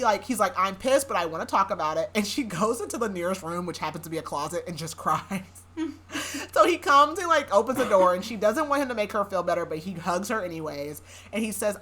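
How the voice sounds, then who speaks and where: With a medium, pushed, bright voice, the young podcast host runs through a novel in a casual recap, adding sarcasm and laughing a lot.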